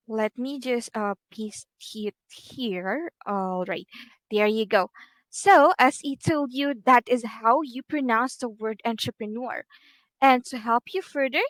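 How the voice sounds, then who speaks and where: A woman with a high, bright voice teaches an online English lesson at an unhurried pace, patient and encouraging. She repeats words slowly for her student and narrates her screen actions. The sound is close and dry. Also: no echo.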